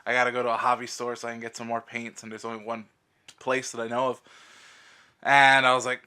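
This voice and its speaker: A man with a mid-pitched, bright voice rambles through a story in casual podcast chat. He is laid-back and swears often. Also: little pitch movement, fairly quick, clean tone. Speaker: podcast co-host.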